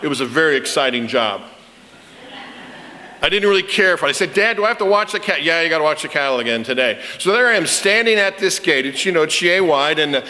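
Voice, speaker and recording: Bright-voiced pastor preaching in a church. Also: male voice, a little high. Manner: storytelling, animated, repeats words when starting phrases. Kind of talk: sermon. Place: church sanctuary. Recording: reverberant church sanctuary.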